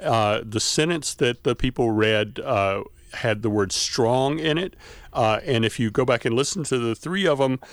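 Professor explaining with lots of "uh"s. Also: male voice, medium pitch, normal speed, clear, resonant tone, dry recording. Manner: explanatory, many filler "uh"s. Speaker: linguistics professor, studio guest. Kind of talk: expert explaining on radio.

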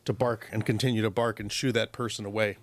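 A man's voice: on the low side, fairly even intonation, fast talker, a little hiss or hum. A man, a professional dog trainer, giving advice to a caller on a call-in radio show and acting out dog and owner voices as he explains.

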